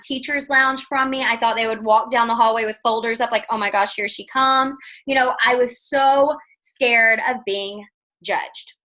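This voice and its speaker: A woman tells her story over a video call, lively and chatty. She acts out bits of dialogue as she goes. Her voice is bright, sitting a touch high. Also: low-quality recording. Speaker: guest speaker.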